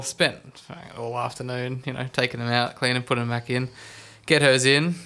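A man in relaxed podcast chat, rambling through a story with ums and restarts. His voice is bright and forward, with a middle pitch. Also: fairly quick, hardly any pauses. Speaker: podcast co-host. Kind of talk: casual chat.

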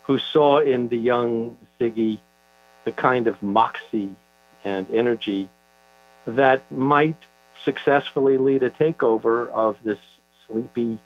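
An older man, an author being interviewed, telling a story in a thoughtful, halting way with many fillers. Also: mid-range voice. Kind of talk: conversational interview. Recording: dull lo-fi audio with mains hum.

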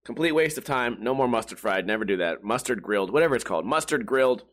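A man's voice: mid-range voice, expressive, fast. A man hosting a casual podcast from home, ranting and joking with lots of swearing and exaggerated storytelling. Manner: profane, joking, exaggerated storytelling with mock voices. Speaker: podcast host. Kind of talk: casual comedic podcast rant. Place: home room.

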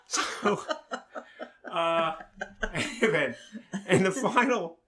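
An older man from Long Island, New York, telling stories in a casual chat, animated and full of fillers. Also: high voice, drawn-out words, crowd noise. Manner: animated storyteller with many fillers.

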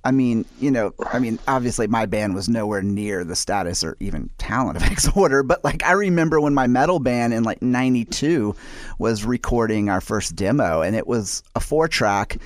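A man's voice: mid-range voice, animated, normal speed, dry recording, studio quality. A man from the New Orleans area hosting a casual interview, rambling with many fillers. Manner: rambling, lots of "you know". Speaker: podcast host.

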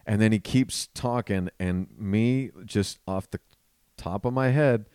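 A comedian with an East Coast American accent tells stories in casual chat, acting out the crowd's voices. His voice sits on the low side, and the mic is close and dry. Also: unhurried, a little mellow, clear, resonant tone, dry recording. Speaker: podcast co-host and comedian.

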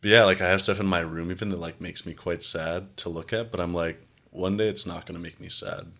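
This young man's voice is low and bright, with vocal fry and a forceful, steady tone at a fairly quick clip. Chatting casually and at length about feelings, he wanders from point to point, says "like" constantly, and performs the dialogue he quotes.

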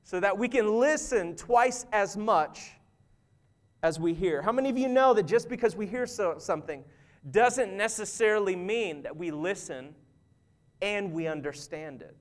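A man's voice: high-pitched, expressive, normal speed. A man, a pastor, preaching a conversational sermon in a church, joking at his own expense and laughing easily. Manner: conversational, self-deprecating, laughs often.

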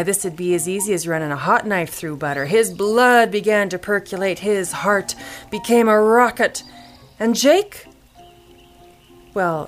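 Folksy Alberta woman reciting cowboy poems. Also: fairly low pitch. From Alberta, Canada. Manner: folksy drawl, dropping g's, voicing characters. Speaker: cowboy poet. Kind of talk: lively recitation of rhyming cowboy poetry.

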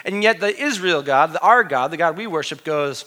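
A man preaching a sermon as pastor, lively and conversational, acting out God's words and asking the congregation questions. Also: fairly high pitch, normal speed. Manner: lively preaching, voicing God and scripture, asides to the congregation.

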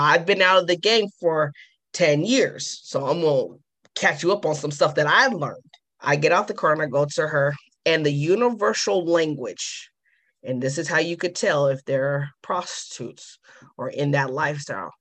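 A woman's voice: low-pitched, normal speed, a bit bright. A woman recounting her past in an interview, telling it with emphasis and acting out both sides of the dialogue. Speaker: guest. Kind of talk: personal testimony in an interview.

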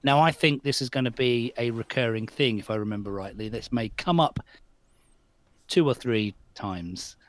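A man's voice: mid-range voice, moderate pace, no echo. A man hosting a podcast in a casual, chatty, self-deprecating way. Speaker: podcast host. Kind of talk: casual chat.

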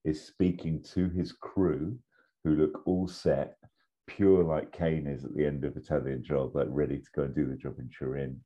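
A man co-hosting a podcast in casual chat, eager and quick to laugh. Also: a bass voice, level tone, dark tone, dull audio. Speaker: podcast co-host.

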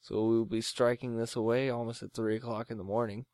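A man's voice: medium pitch, level tone, fairly quick, a little mellow, dry recording, studio quality. A man co-hosting a late-night podcast, chatting casually with a profane, rambling manner and frequent laughter. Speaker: podcast co-host.

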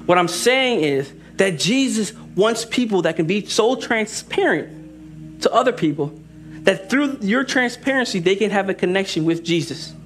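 A young man preaching a sermon as an assistant pastor, lively and joking, speeding up for asides and slowing down for emphasis. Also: sits high. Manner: lively, joking, shifts between fast asides and slow emphatic lines.

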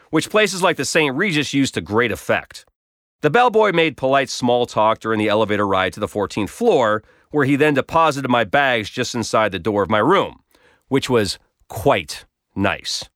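A man with a slightly bright voice tells a personal story for his blog, poking fun at himself with wry humor while his pitch rises and falls freely. The sound is close and dry, free of room echo.

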